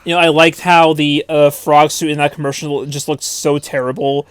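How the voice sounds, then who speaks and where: A man's voice: on the high side, little pitch movement, moderate pace, clear, resonant tone, dry recording. A young man co-hosting a casual movie commentary, chatty and wry, giving opinions with small hesitations.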